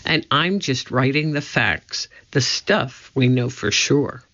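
A man's voice: medium pitch, takes it slowly, sharp tone, dull audio. A man voicing a cautious, fact-minded young boy in a storybook reading.

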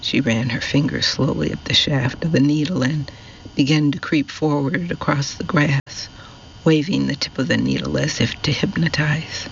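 A man narrating a novel as an audiobook, in a slow, measured storytelling manner. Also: a little high, vocal fry, highs cut off, a little hiss or hum.

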